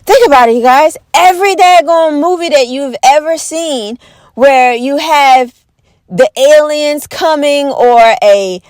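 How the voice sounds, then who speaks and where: A woman delivering an animated, exaggerated comedic rant to camera, folksy and emphatic, with repeated catchphrases and quick mock voices. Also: high-pitched, no echo. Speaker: vlogger.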